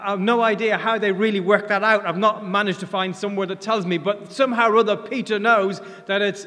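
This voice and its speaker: A visiting preacher delivers his sermon in a relaxed, earnest way, often restarting his sentences. He is a man with a high voice. The sound rings with the long reverb of a large church hall. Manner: earnest, conversational, with frequent fillers and restarts.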